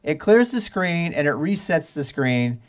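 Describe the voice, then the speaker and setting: A man's voice: fairly high pitch, sing-song, a little slow. Rambling man streaming a terminal tutorial. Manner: rambling, restarts often, chuckles between points. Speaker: streamer teaching terminal commands. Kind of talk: casual live-stream tutorial.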